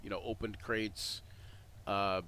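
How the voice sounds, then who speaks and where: Guy running a tabletop game, lowish voice, lots of uhs and restarts. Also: little pitch movement, slow pace, sharp tone. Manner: rambling, many restarts and fillers. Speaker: game master.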